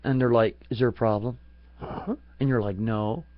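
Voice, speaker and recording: A man's voice: mid-range voice, steady tone, moderate pace. A man ranting crudely and comically, often breaking into laughter at his own jokes. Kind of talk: profane comedic rant to a stream. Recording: dull lo-fi home recording.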